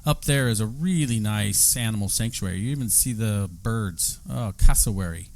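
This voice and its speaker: A man's voice: fairly low pitch, normal speed, a little mellow. An American man as a guest in a casual travel conversation, chatty and enthusiastic, laughing often. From United States.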